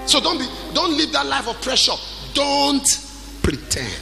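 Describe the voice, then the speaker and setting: A man preaches with a high voice that leaps up and down in pitch. He shouts his warnings, then drops low to tell a story from his own life. Music plays clearly under his words. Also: very animated, a little slow. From Nigeria. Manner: exhorting, swings from shouting to quiet storytelling. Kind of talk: sermon. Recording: music behind the voice.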